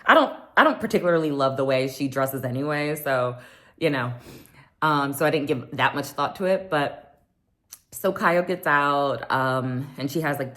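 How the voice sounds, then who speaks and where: A woman with a bass voice that's a bit bright recaps a reality show casually and chattily. She uses lots of "um"s and often acts out what others said.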